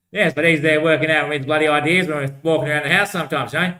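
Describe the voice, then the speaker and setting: A man's voice: on the high side, racing, hardly any pauses, bright, forceful tone, roomy sound. A man talking in a loose, drifting solo monologue, repeating himself and tossing in "mate" often. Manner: repetitive, keeps saying "mate" and "bloody hell"; loose, drifting talk with frequent laughs. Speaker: vlogger.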